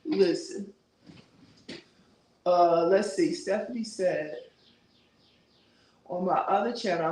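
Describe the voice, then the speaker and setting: A woman's voice: fairly low pitch, very slow, pauses often, roomy sound, slight background noise, poor audio. A woman in her sixties hosting a casual live stream, chatting with viewers and reading their comments aloud, with churchy asides. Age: 60s. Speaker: YouTube host reading live chat.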